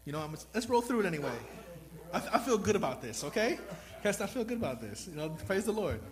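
A man's voice: high-pitched, big pitch swings, quick pace, crowd noise, rough recording. A man preaching a sermon in an earnest, rambling, self-deprecating way, new to speaking before this congregation. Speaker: lay preacher.

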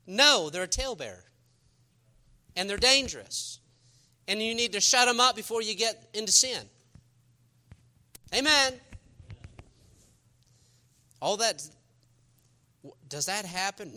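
A man preaching a sermon, animated and emphatic, quoting scripture in old-fashioned wording. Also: high-pitched, measured pace, pauses often. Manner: animated, rising to emphatic peaks.

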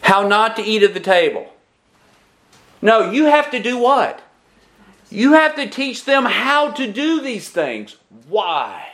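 A man's voice: sits high, fairly bright tone. A man preaching a sermon who keeps asking the congregation questions.

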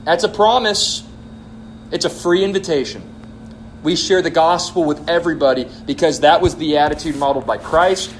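A man with a rather high voice speaks at a moderate pace while leading a church Q&A night, emphatically teaching from the Bible and questioning his listeners. Slight background noise is audible in the church hall.

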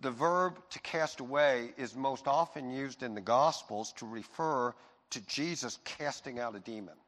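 A man preaching a sermon, moving between loud emphatic passages and soft, intimate reassurance. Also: mid-range voice, measured pace. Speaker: pastor. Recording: long hall reverb.

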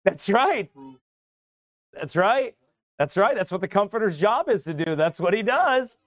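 A man's voice: high-pitched, very animated, a little slow, dry recording, clean studio sound. A middle-aged man preaching a sermon as a pastor, chatty and joking, then building to emphatic exhortation. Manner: conversational preaching, rising to emphatic exhortation, laughs often.

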